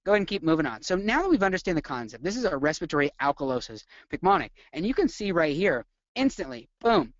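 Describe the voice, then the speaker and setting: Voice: medium pitch, sing-song, quick pace, no room sound, dull audio. A nursing lecturer giving a live webinar, full of energy, quizzing the viewers and acting out symptoms.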